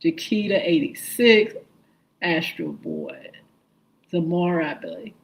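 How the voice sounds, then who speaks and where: A woman's voice: low-pitched, wildly swooping pitch, rough recording. A woman hosting a live morning show stream, greeting viewers one by one and spelling out their usernames. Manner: slow, warm greetings, spelling out viewer names.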